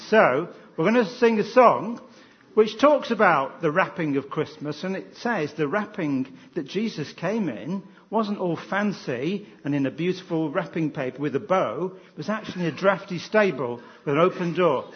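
A man leading a playful Christmas children's talk in church, lively and animated. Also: a little high, normal speed, slightly rough, lo-fi sound. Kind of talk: Christmas family service talk.

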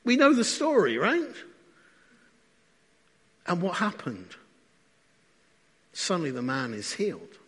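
A man's voice: sits high, huge pitch swings, slow pace, pauses often, breathy edge. A man preaching a sermon in a conversational way, often asking the congregation questions. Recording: long hall reverb.

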